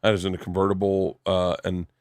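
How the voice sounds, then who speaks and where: A man in his forties with a low voice hosts a casual podcast chat from a home studio. He tells stories with energy and acts out every voice in them. The sound is dry and close to the mic. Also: monotone, a little fast, a little mellow, smooth, no echo. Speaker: podcast host.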